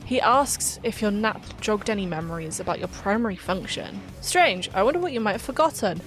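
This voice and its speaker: A woman's voice: medium pitch, expressive, brisk, soft background music. A young British woman with a British accent narrating a video essay about a game in a chatty, giggly, self-deprecating way. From Britain. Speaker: YouTuber.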